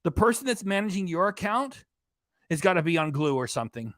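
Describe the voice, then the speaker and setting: A man's voice: high-pitched, very animated, brisk, a bit bright, no echo, clean studio sound. A man hosting a reaction channel, talking over a livestream with mocking, profane, scornful commentary.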